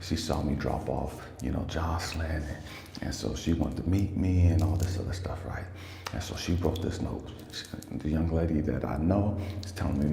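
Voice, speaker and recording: Deep gravelly man in an echoey room. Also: moderate pace, dark tone. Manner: profane, heated, preachy. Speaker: life coach and speaker. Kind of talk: casual storytelling rant to camera. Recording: echoey room with long reverb, faint ambience.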